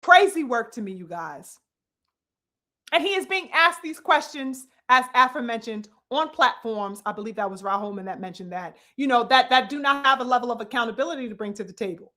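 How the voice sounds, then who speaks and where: A woman's voice: a little high, expressive, brisk, pushed and bright. A woman giving a heated, profane commentary monologue with emphatic delivery and frequent "you know" fillers. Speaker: boxing commentator.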